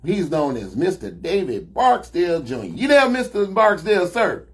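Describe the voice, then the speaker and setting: Host: husky man with a Chicago accent and Southern slang, emphatic and preachy, voice sits a bit high. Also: very animated, moderate pace. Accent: Chicago Black American English with Southern slang. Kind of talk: casual talk show chat.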